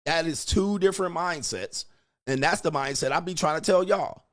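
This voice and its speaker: A man's voice: on the high side, moderate pace, fairly bright tone. A man lecturing on dating in a blunt, emphatic way, swearing and acting out quoted exchanges. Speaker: dating advice host. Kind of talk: lecturing monologue.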